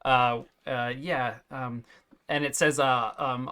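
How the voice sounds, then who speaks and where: A man's voice: medium pitch, steady tone, takes it slowly, sharp tone, clean tone. A man running a tabletop role-playing game as game master, playful and laughing often.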